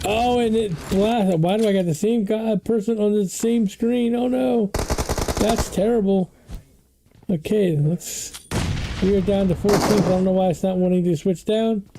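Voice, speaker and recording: An esports caster doing play-by-play commentary, chatty and excitable, with the voice jumping up on every knockdown. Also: unhurried, creaky, noisy background. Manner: excitable, pitch jumps on knockdowns; chatty asides about the broadcast controls.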